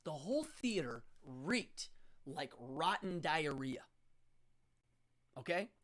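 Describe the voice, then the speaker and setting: Blunt, middle-aged man, stage magician, hosting a talk show, casual storytelling, lively swinging pitch. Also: slow. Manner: blunt, animated, frank.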